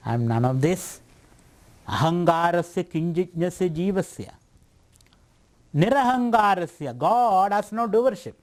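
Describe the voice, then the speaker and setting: A male spiritual teacher lectures on scripture at a retreat in a fairly high voice. He speaks playfully, laughs often and takes on the voice of a sceptic to test the teaching. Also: a little mellow. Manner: playful, laughing, voicing a doubter's objections.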